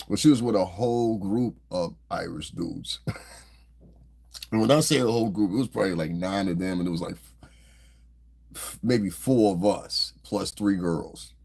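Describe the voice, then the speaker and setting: A man with a low, gravelly, slightly husky voice holds forth on his own podcast. He talks loosely and profanely, breaks into laughter, and tells stories in a rambling, casual way. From New Jersey. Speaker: podcast host. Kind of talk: casual commentary monologue.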